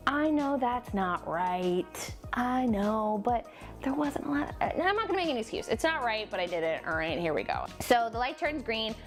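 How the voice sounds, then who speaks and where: In a casual storytime vlog, a young woman with a New Jersey accent chats to her camera at normal speed, her voice on the high side. She plays up the story with animated, self-deprecating exaggeration while quiet music runs underneath.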